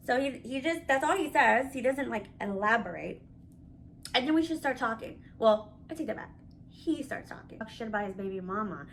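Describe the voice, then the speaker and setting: A woman vlogger telling a story in a casual, animated and candid way, swearing freely. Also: a little high, fairly quick, slight background noise.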